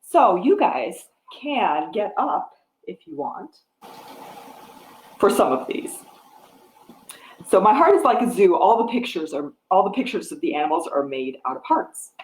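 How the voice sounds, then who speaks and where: A woman, a children's librarian, reading a picture book aloud at storytime, coaxing young children to join in with gentle encouragement. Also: medium pitch, sing-song, a little slow, pauses often. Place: library room. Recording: roomy echo.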